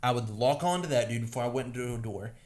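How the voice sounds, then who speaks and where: A man's voice: mid-range voice, fast, a little mellow. A young man co-hosting a podcast, chatting enthusiastically and rambling about games. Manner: enthusiastic, rambling gamer talk. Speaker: podcast co-host. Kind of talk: casual chat.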